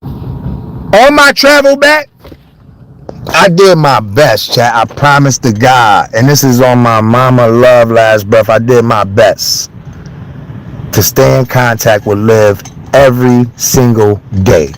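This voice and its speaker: A man ranting to his chat on a phone live stream, loud, heated and blunt, swearing freely. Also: medium pitch, animated, takes it slowly, a little hiss or hum, rough recording. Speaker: livestreamer. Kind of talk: livestream rant to chat.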